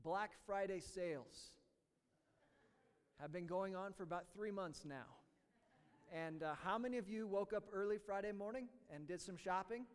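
Brief: man, high voice, pastor preaching to his church in a big reverberant room, light jokes giving way to earnest teaching, halting and repetitive. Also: clear, resonant tone. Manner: joking, then earnest teaching; halting, repeats words. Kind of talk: sermon. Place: church sanctuary.

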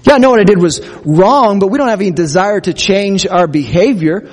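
A man's voice: sits high, expressive, a little fast, long reverb tail. A man preaching a sermon as pastor, earnest, acting out quotes from scripture. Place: church.

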